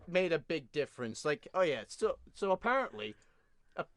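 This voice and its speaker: Man ranting in lively bursts. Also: on the high side, normal speed. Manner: ranting, animated, swears freely. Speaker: podcast co-host. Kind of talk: casual podcast chat.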